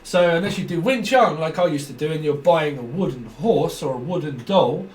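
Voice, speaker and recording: A man's voice: a little high, lively intonation, moderate pace, a little mellow. A man giving a rambling, jokey tarot reading and laughing often. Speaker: tarot reader. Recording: roomy echo from a distant mic.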